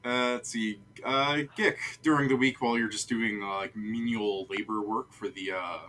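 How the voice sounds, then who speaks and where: Casting: male game master, casual and joking, bright tone, faint noise behind. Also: fairly low pitch, fairly even intonation, normal speed, rough recording. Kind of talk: narrating a tabletop game.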